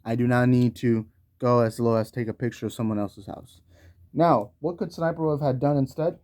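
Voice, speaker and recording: A man's voice: medium pitch, fairly quick, a little mellow, no echo, clean studio sound. A man delivering a heated, profanity-laced commentary rant on video, talking in slang. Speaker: YouTube commentator.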